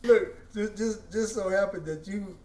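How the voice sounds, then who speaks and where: A man's voice: high-pitched, a little slow, dark tone. A man from the interviewing an older guest, asking short questions and often restarting them. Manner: prompts with short questions, repeats words at the start. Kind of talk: casual interview.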